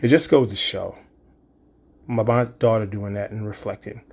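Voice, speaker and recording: A man's voice: lowish voice, steady tone, normal speed, breathy edge. A man in his fifties telling a spoken-word story, vivid, acting out sounds and quoting dialogue. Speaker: storyteller and poet.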